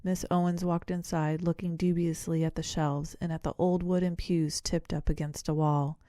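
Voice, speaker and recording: Female audiobook narrator, measured storytelling, dark mellow tone. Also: deep voice, level tone, no echo, studio quality. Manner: measured storytelling with voiced characters. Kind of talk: scripted narration.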